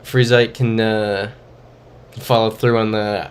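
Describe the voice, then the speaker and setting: Flat, unhurried and smooth, his fairly low voice carries casual live-stream commentary. The young man is streaming a geography guessing game, thinking out loud and reading chat in a muttering, offhand manner.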